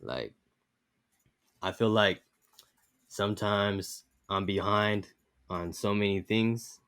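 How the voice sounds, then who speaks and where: A young man, a podcast guest, talking in an earnest, measured way about his own feelings. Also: lowish voice, fairly even intonation, a bit bright, clear, resonant tone. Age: young adult. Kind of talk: casual interview chat.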